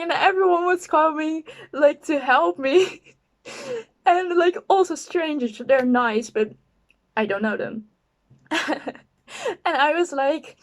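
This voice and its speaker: A woman's voice: sits high, takes it slowly. Giggly young woman telling a story. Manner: giggly, animated, heavy use of "like". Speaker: vlogger. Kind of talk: casual storytime.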